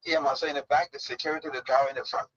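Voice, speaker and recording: A man, a radio guest telling stories in an animated, dramatic way. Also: a little high, very fast, muffled recording. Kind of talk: casual chat, storytelling.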